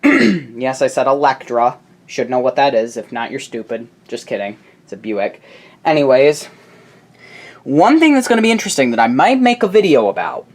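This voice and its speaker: A man chatting casually while filming at home, narrating in a rambling way with quick asides and self-corrections. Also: mid-range voice, animated. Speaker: appliance video creator. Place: home laundry area. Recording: noisy home camera recording.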